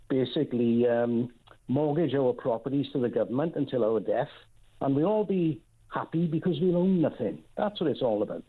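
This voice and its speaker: A man from the Rhondda Valley with a South Wales Valleys accent, calling in to a radio show. He talks in a wry, unhurried way with many pauses. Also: mid-range voice. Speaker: caller. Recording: tinny phone line.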